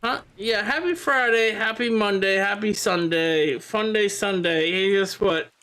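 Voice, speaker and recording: A man streaming a game, chatting casually and teasing his friend with quick banter. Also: high-pitched, pushed and bright, poor audio. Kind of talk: casual gaming chat.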